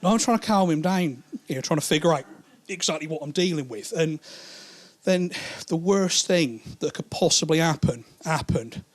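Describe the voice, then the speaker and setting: Animated, crude man telling stand-up stories. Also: a little high, moderate pace. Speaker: stand-up comedian. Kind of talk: stand-up storytelling.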